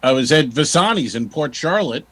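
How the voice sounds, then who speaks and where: A man's voice: mid-range voice, lively intonation, normal speed, fairly bright tone, husky, low-quality recording. A man co-hosting a casual comedy podcast, laid-back and chatty, chiming in with short agreements between longer stories. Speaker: podcast co-host.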